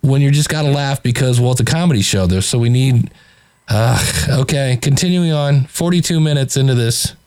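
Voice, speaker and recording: A man's voice: medium pitch, fairly quick, a little mellow. A man hosting, giving sardonic, exasperated commentary on clips he plays, often stammering as he restarts sentences. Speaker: host reviewing a podcast. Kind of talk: critical commentary over played clips.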